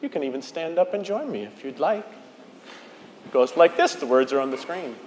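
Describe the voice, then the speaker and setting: A man's voice: on the high side, lively intonation, normal speed, darkish tone, a little hiss or hum. A man leading a children's time in a church service, asking playful questions and leading a song. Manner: playful, asks questions, sings along. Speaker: director of lifelong faith formation. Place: large church sanctuary. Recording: echoey hall, organ music behind.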